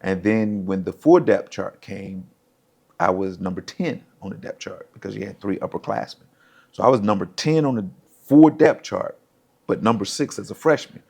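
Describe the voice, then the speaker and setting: His voice is gravelly and on the low side, moving at an ordinary pace. The middle-aged former football pro shares anecdotes on a podcast, animatedly acting out the lines of others in casual interview conversation.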